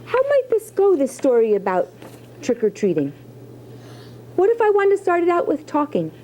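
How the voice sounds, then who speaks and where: A woman's voice: sits high, huge pitch swings, moderate pace, mellow, rough recording. A woman teacher leading a writing lesson, asking question after question and encouraging her students. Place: classroom.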